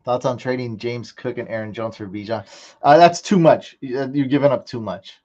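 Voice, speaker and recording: An excitable young man talks through his draft on a live stream, casual and quick to repeat himself. His voice sits at an ordinary pitch for a man. The sound is slightly dull, like a lo-fi stream mic. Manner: excitable, hypes his picks with loud outbursts, repeats himself.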